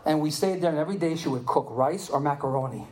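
A man in his seventies preaching a sermon, telling animated personal stories and checking in with the listeners. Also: on the high side, fast talker, a little hiss or hum. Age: 70s. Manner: animated storytelling, asks "Are you with me?". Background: audience responding.

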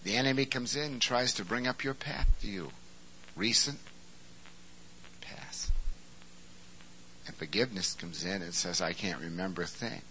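A man preaching a sermon, swinging from quiet explanation to shouted emphasis. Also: medium pitch, unhurried, pauses often, a little hiss or hum, low-quality recording.

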